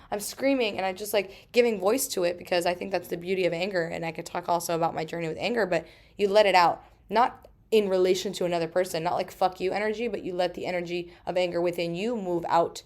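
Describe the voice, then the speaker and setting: A woman's voice: lowish voice, steady tone, a little mellow. Woman in her thirties, podcast host, solo monologue, emphatic, swears often. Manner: emphatic and swearing, quick asides.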